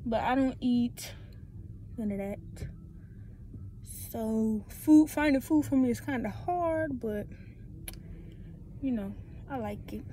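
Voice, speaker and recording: A woman's voice: on the high side, slow, long pauses, mellow, slight background noise. A young woman vlogging casually on her phone, chatting to viewers in a slangy, talkative way as she runs errands. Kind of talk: casual vlog talk to camera. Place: in and around a parked car and stores. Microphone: phone held in hand.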